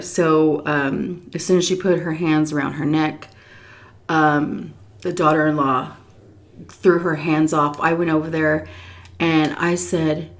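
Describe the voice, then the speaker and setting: Lively storytelling woman, slightly low voice. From Texas. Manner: animated, jumps into high quoted voices; drops to soft whispers between bites. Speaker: mukbang storyteller. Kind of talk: casual storytelling while eating.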